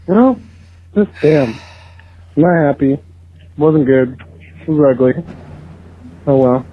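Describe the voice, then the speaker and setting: A man's voice: mid-range voice, takes it slowly, long pauses, a little hiss or hum. A man phoning in to a fan podcast, venting in an exasperated, profane way with frequent groans. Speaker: phone-in caller. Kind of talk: phoned-in fan rant. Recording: tinny phone line.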